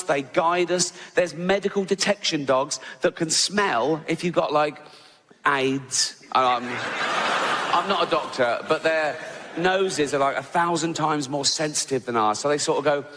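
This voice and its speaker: A man's voice: fairly high pitch, measured pace, bright, forceful tone, in a large hall. A man doing a stand-up comedy routine, chatty, full of rambling asides and "you know what I mean".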